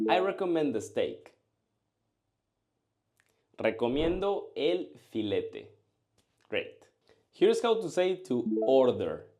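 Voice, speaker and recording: Male language tutor, slow deliberate delivery, animated pitch, scripted lesson read. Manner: slow, carefully enunciated drilling of phrases. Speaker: language teacher.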